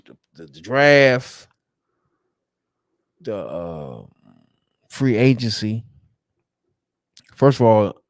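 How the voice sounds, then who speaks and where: Profane, lively-voiced fan ranting. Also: male voice, lowish voice, dry recording, studio quality. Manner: profane, repetitive, rising to heated outbursts. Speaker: sports fan vlogger. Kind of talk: casual fan rant.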